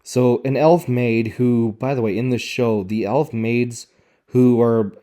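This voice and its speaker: A man's voice: medium pitch, steady tone, slow, dark tone. A man giving sarcastic, exasperated commentary as he picks apart a show's dialogue. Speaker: video reviewer. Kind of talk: critical commentary on show dialogue.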